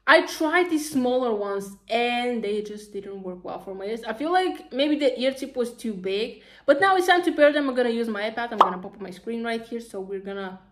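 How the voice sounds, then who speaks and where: A woman talking casually through an unboxing, excitable and chatty, gushing over each item with lots of fillers. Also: a little high, normal speed, few pauses. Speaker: vlogger.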